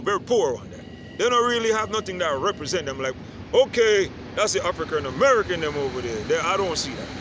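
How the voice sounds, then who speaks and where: Guy from the islands vlogging on the street, kinda high voice, keeps going "you understand?". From Caribbean island. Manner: repeats "you understand?" often. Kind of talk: casual monologue to camera. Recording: faint street noise outdoors.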